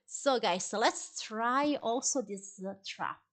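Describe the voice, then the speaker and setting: A woman's voice: on the high side, slow pace, a bit bright. A woman with an Italian accent, a live streamer chatting casually while she plays, laughing often and apologizing for her English. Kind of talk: live-stream gameplay chat.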